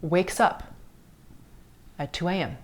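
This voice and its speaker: Low-voiced woman telling a spiritual story. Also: slow. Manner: earnest, drops to soft whispers at tender moments. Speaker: podcast host. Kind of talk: personal storytelling on a spiritual podcast.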